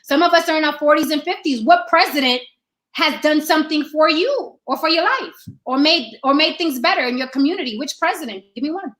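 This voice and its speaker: Pitched high and fairly bright, her voice is expressive and moves a little quickly. She hosts a discussion show, pushing her opinions in a profane, emphatic style and repeating rhetorical questions for effect.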